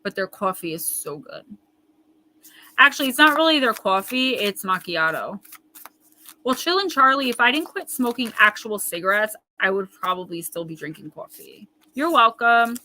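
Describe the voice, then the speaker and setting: A woman's voice: fairly high pitch, animated, moderate pace, sharp tone, slight background noise, low-quality recording. A woman hosting a live card-reading stream, talking straight to viewers in a chatty, emphatic way and riffing on their comments. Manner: reads viewer comments aloud and riffs on them. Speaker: intuitive tarot reader, host.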